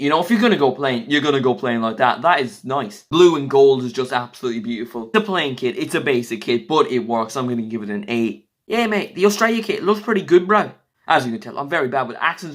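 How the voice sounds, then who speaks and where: A man giving blunt, jokey, quick verdicts in a casual vlog, reviewing football kits. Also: mid-range voice, fairly bright tone. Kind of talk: casual opinionated vlog commentary.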